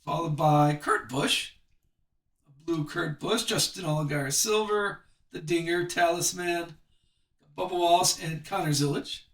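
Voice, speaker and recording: A man's voice: on the high side, roomy sound, far from the mic. A man hosting a live sports card break, chatting with viewers and reading off the cards as he opens packs. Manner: chatty, reads card names off quickly.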